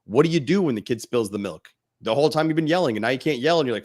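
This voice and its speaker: A man's voice: medium pitch, lively intonation, racing, a little mellow. Blunt, swearing man giving a motivational talk. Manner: blunt, swears freely, speaks directly to the listener. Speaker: podcast co-host.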